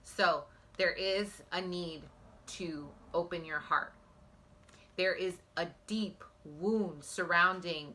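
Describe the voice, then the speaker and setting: A woman's voice: deep voice, sharp tone. A woman giving a pick-a-card psychic reading on her phone, talking earnestly and emotionally straight to her viewers. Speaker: psychic tarot reader.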